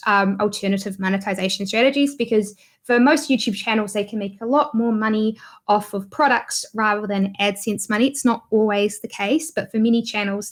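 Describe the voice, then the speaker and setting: A woman with a New Zealand accent and a fairly high-pitched voice appears as a guest YouTuber in a casual interview. She chats freely, laughs often and uses plenty of fillers.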